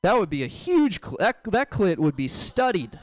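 A young man doing a stand-up comedy set on a club stage, bantering loudly with the crowd and breaking into sudden yelps. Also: sits high, sing-song, moderate pace, dry recording. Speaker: stand-up comic.

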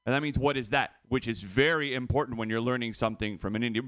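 A man doing a stand-up comedy set, animated and laughing at his own jokes. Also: medium pitch, quick pace, dry recording, studio quality.

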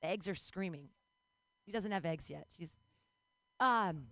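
A woman's voice: fairly low pitch, expressive, a little slow, a bit bright, no room sound. A woman in her forties doing a rambling, bawdy stand-up comedy set, breaking into squeals and laughs. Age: 40s.

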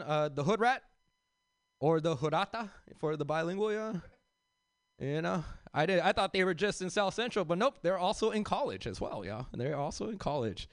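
Here a man from South Central Los Angeles does stand-up, chatting loosely with the crowd as "y'all" and rambling through many fillers and restarts. His voice is a little high, fairly bright, and clean, captured at studio quality with no room sound.

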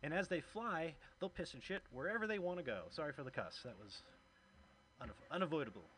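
A man's voice: on the high side, animated, a little fast, a bit bright, slight background noise. A man doing a conversational stand-up comedy set, telling a self-deprecating story at a small club. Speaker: stand-up comic and open mic host.

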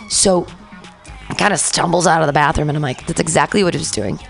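A woman host telling an animated story on a radio talk show, acting out the quoted lines. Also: deep voice, quick pace, creaky, soft background music. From San Francisco. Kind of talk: casual storytelling chat.

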